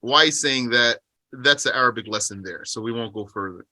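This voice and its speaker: A man teaching a religious text. He reads Arabic passages quickly, then explains them slowly in English and asks rhetorical questions along the way. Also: medium pitch, bright, forceful tone, dry recording. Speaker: teacher explaining a Qur'an commentary.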